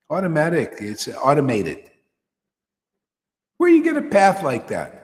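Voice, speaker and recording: A man's voice: mid-range voice, wildly swooping pitch, measured pace, a little mellow. A man giving a devotional sermon as a spiritual teacher, exhorting and colloquial. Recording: reverberant hall.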